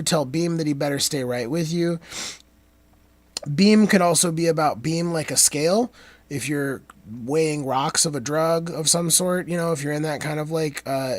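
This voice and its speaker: A man who breaks down song lyrics in a casual monologue. He is animated and wanders off on tangents, swinging between emphatic peaks and quiet asides. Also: mid-range voice, breathy edge, dry recording. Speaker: commentator breaking down rap lyrics.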